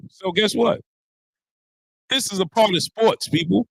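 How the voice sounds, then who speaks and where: Speaking a little slowly in a high voice with vocal fry and a breathy edge, with no echo, this New Yorker runs a laid-back sports talk livestream. He preaches his point animatedly, says things again and again for emphasis, and welcomes people in the chat.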